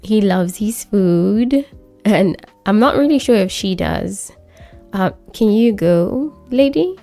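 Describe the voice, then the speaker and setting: Gravelly chatty woman narrating gameplay. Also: mid-range voice, expressive, takes it slowly, mellow. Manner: chatty, filler-heavy, narrating and voicing characters. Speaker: let's play host. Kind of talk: casual gameplay commentary. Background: faint background music.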